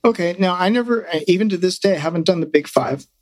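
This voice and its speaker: A middle-aged man, a guest, tells his story in a rambling, animated way and often acts out what he and others said. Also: sits high, fast talker, no room sound. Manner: animated, rambling, quoting himself. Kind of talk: casual storytelling.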